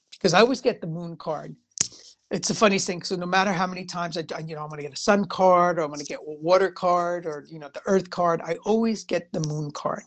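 Chatty woman, slightly low voice. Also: a little hiss or hum. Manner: chatty and rambling, frequent "you know" fillers. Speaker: tarot reader. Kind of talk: casual spiritual talk to viewers.

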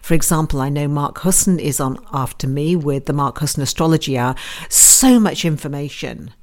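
A woman's voice: sits low, moderate pace, a little mellow. A woman hosting a live online radio show, chatting in a rambling, self-deprecating way as she greets listeners. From United Kingdom. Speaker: radio host and psychic advisor. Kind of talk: casual live radio chat.

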